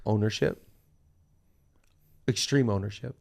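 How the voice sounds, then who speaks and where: A man's voice: fairly low pitch, fairly even intonation, slow, vocal fry, a little mellow. A middle-aged man hosting a leadership podcast, talking in an emphatic, preacher-like way and repeating phrases for stress. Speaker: pastor and podcast host.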